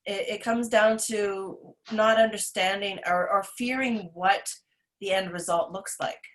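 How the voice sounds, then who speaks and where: A woman's voice: mid-range voice, fairly even intonation, measured pace. A middle-aged woman, a nutritionist co-hosting a podcast, talking in a rambling, earnest way about holding back and health, with many fillers and restarts. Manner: rambling and earnest, self-described rant. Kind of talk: casual chat.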